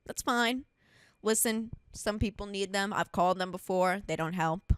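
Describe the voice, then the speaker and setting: Young woman host, animated profane storyteller, dry close sound, comedic podcast chat. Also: mid-range voice, moderate pace, smooth, no room sound.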